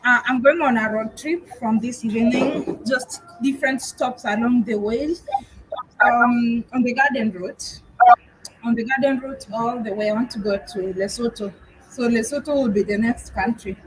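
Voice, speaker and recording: Female host from Kenya, frank live-chat delivery, higher pitch, faint noise floor. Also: normal speed, rough recording. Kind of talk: casual live-stream conversation.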